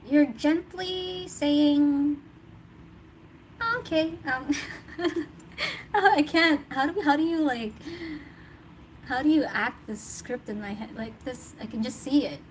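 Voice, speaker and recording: A woman's voice: sits high, unhurried, poor audio. A woman giving a casual tarot reading, chatty and thinking aloud, laughing often. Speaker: tarot reader. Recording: noticeable background noise.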